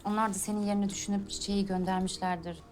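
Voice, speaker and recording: An actress playing a hesitant young woman in a TV drama, speaking softly and questioningly. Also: medium pitch, flat delivery, rapid-fire, slight background noise, lightly acted. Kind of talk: TV drama dialogue.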